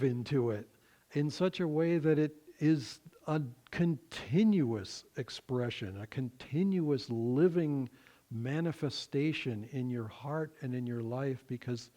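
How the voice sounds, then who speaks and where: Male minister, mid-pitched, slow reflective sermon delivery with gentle humor. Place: church service.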